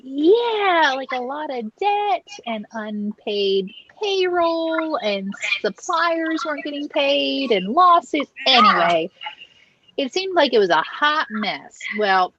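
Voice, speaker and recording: A woman's voice: high voice, very animated, slow, highs cut off, background noise. A woman co-hosting a casual food news podcast, chatty, with frequent ums and uhs. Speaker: podcast co-host.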